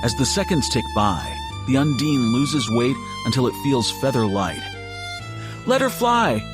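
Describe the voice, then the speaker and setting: A man narrating an audiobook in a steady, measured storytelling voice. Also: medium pitch, over music. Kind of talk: scripted narration.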